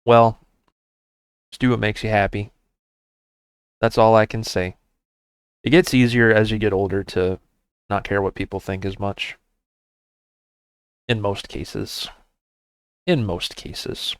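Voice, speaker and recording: A man's voice: lowish voice, flat delivery, moderate pace, pauses often, smooth, no echo. A man casually chatting with his live stream audience in an easygoing, encouraging way. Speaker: game streamer.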